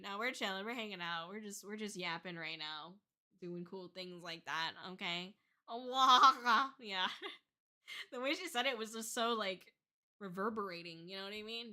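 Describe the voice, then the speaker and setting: A woman's voice: mid-range voice, bright, forceful tone. A young woman chatting on a livestream as a VTuber, laughing often and swearing casually. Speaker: VTuber streamer.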